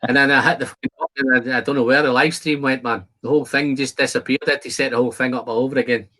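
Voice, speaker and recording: A man's voice: mid-range voice, steady tone, rapid-fire, pushed and bright, poor audio. A man hosting a casual live stream, chatting loosely and laughing often. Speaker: livestream host. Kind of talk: casual chat.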